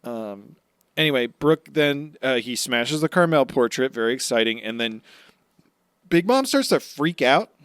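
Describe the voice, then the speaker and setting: A man's voice: mid-range voice, expressive, a little slow, fairly bright tone, smooth, dry recording, studio quality. A man co-hosting a podcast, casually recapping anime episodes in a loose, rambling way full of filler words. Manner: laid-back, rambling retelling with filler words. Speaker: podcast co-host.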